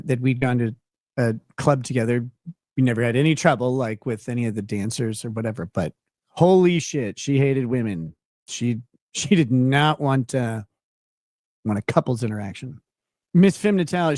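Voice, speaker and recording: A man's voice: medium pitch, darkish tone, no room sound, studio quality. A man from Minnesota, hosting a show and telling a rambling story in casual chat, laughing often and restarting his sentences. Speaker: show host.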